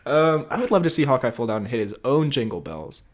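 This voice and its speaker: A man's voice: mid-range voice, sing-song, quick pace. A young man co-hosting a podcast in casual chat, rambling and laughing often. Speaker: podcast co-host.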